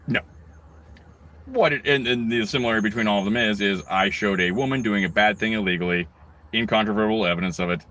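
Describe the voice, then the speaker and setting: Ranting, swearing man with a forceful voice. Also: lowish voice, a little hiss or hum. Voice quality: rambling, heavy swearing, mocking asides. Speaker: video blogger. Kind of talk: angry profane rant.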